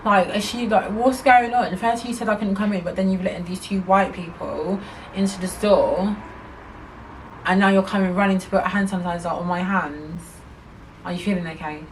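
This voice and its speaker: A woman telling a storytime vlog in a chatty, indignant, animated way. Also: medium pitch, moderate pace. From England. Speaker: vlogger. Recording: slightly distant mic, faint noise.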